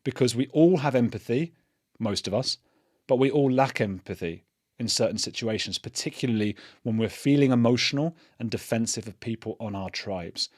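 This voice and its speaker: A man's voice: medium pitch, normal speed, dry recording, studio quality. A middle-aged man hosting his own channel, giving earnest spoken commentary and thinking aloud with restarts. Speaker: channel host. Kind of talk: casual commentary to camera.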